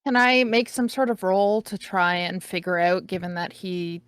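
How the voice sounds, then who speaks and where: A woman's voice: fairly low pitch, normal speed, clean tone, dry recording. A woman playing a tabletop game, insistently arguing rulings with the game master. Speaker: player. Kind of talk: casual tabletop game chat.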